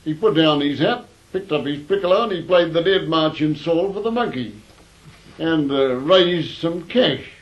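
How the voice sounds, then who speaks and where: A man's voice: on the high side, expressive, moderate pace. A man telling old anecdotes in a wry, rambling way, in a dull lo-fi recording. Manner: wry, rambling, with fillers and restarts. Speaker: storyteller. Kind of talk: anecdotal storytelling.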